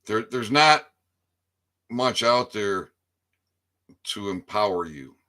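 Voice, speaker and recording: A man's voice: fairly low pitch, animated, slow, pushed and bright. A man giving a rambling casual monologue to his viewers, stammering over repeated words and swearing freely. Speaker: independent online commentator.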